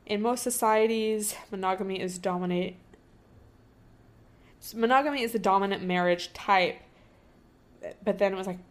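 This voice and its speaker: A woman's voice: mid-range voice, moderate pace, long pauses. A young woman hosting a casual solo podcast, thinking aloud in a rambling way with lots of fillers. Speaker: podcast host.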